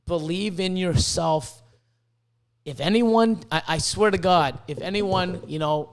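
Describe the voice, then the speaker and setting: Excitable, foul-mouthed high-voiced man. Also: unhurried. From Canada. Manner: profane, excitable, with many restarts. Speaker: podcast host. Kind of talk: casual podcast rant.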